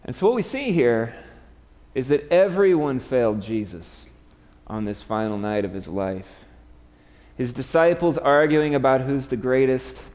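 A man's voice: mid-range voice, measured pace, darkish tone, long reverb tail. A man preaching a sermon, telling the story dramatically and acting out the lines of the people in it. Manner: dramatic storytelling, acts out quotes with raised voice. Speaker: pastor.

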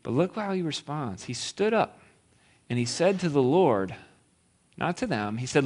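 Lively, playful male preacher. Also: on the high side, measured pace, pauses often. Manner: playful storytelling with laughs and acted quotes. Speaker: pastor. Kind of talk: sermon.

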